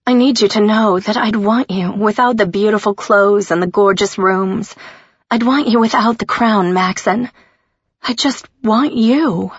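A woman's voice: mid-range voice, unhurried, dry recording, pitched above the performer's own voice, lightly acted. A woman narrator voicing a lovestruck young woman who speaks earnestly and a little whiny, on a dull lo-fi recording.

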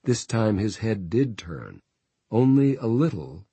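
Deep husky male audiobook narrator. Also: sing-song, takes it slowly, mellow, dry recording. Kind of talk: scripted narration.

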